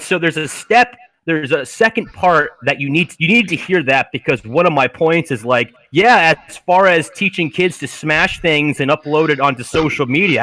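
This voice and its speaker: A man hosting a casual podcast, ranting and swearing freely. His voice is bright and somewhat high for a man, with an edge of heat to it. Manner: profane, ranting. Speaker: podcast host. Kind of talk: casual chat.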